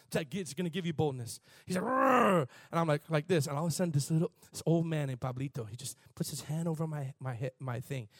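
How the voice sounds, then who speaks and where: A man preaching a sermon in an animated, conversational way, shifting from soft asides to shouts. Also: on the high side, fast talker, hardly any pauses, no echo, studio quality. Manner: conversational, laughs and repeats words. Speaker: pastor.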